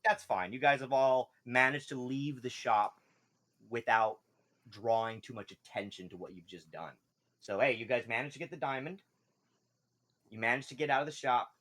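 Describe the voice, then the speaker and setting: A man's voice: medium pitch, normal speed, a bit bright. A man running a tabletop game as game master, narrating and ruling in a casual, rambling way with frequent laughs.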